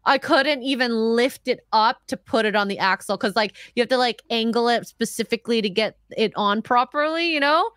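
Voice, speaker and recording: A woman chatting on a podcast who shares relaxed everyday stories. Her voice sits a little high for a woman, and the sound is dry and close. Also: fairly quick, few pauses, smooth, no room sound. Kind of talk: casual chat.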